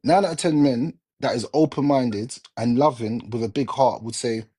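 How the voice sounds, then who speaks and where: A man's voice: mid-range voice, normal speed, few pauses, mellow, slightly rough. A man with a Jamaican accent hosting a live chat, talking in an emphatic, repetitive, lecturing way. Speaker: live stream host. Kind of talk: casual chat.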